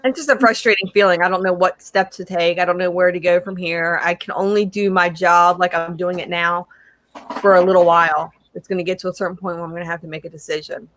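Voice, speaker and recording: A woman's voice: fairly low pitch, steady tone, fast, a bit bright. A woman chatting with friends, frank and weary, unwell. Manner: frank, weary, talks about struggling. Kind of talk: casual chat among friends.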